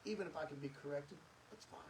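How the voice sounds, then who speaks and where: A middle-aged male podcast host delivers an earnest, preachy motivational monologue full of emphatic repetition. His voice is on the high side and fast, captured from a distance in a low-quality recording.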